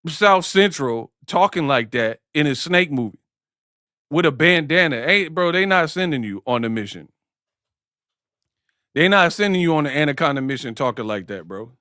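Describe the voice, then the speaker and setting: A man's voice: on the high side, sharp tone, dry recording, clean studio sound. A man hosting a live-stream sports talk show. He speaks in slang, jokes, and keeps breaking into impressions. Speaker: host.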